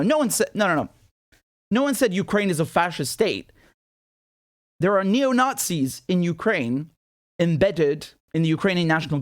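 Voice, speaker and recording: A British man hosts his own commentary show, speaking in a notably high voice. He sounds sarcastic and incredulous and keeps circling back with repeated rhetorical questions. The recording is dry and close, with no room sound. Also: no room sound. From Britain. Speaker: independent journalist and show host. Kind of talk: commentary monologue to camera.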